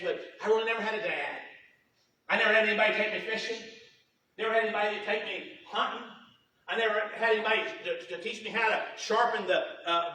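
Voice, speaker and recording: A middle-aged man preaching a sermon, telling folksy stories with lots of repetition and quick humor. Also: high-pitched, bright, forceful tone, a little hiss or hum. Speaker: pastor. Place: church sanctuary. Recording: roomy church hall, voice from a distance.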